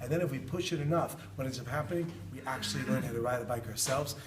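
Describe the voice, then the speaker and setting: Brief: animated male rabbi, story-driven sermon, distant mic, roomy echo. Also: mid-range voice, fast talker. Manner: animated, acts out quoted voices, laughs often. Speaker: rabbi giving a talk. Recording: echoey room, distant mic, loud background noise.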